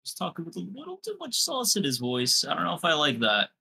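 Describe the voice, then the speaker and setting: A man's voice: fairly high pitch, huge pitch swings, fast, creaky, pushed and bright, husky. A young man co-hosting a podcast, chatting casually with viewers and trash-talking in brash, profane banter. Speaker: podcast co-host. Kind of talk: casual livestream chat.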